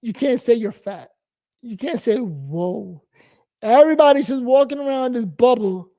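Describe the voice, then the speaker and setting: A man's voice: very high voice, normal speed, warm tone. A man in his forties from New York, giving a blunt, profane, rambling casual monologue as host.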